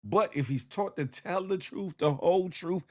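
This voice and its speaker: A man hosting a morning show with comedic news commentary, animated, slangy and repeating himself as he jokes. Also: high-pitched, normal speed.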